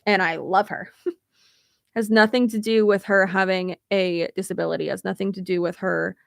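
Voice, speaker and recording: A young woman talks on a casual livestream with a gravelly, fry-edged voice at a middle pitch. She is blunt and rambling and swears freely, and the sound is dry and close with no room around it. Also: fairly even intonation, normal speed, dry recording. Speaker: YouTube creator.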